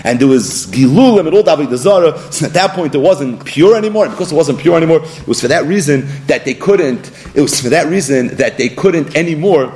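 A man giving a Torah lesson in an animated way, acting out the people he quotes and weaving in Hebrew and Aramaic terms. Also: fairly high pitch, a little fast, hardly any pauses. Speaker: Torah teacher.

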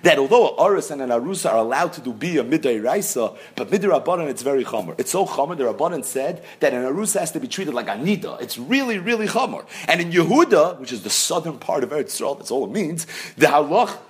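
A man's voice: a little high, fast. A man giving a Talmud lesson, explaining the text with emphatic questions and answers. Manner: lively, emphatic teaching with rhetorical questions. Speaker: Talmud teacher. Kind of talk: daf yomi Talmud lecture.

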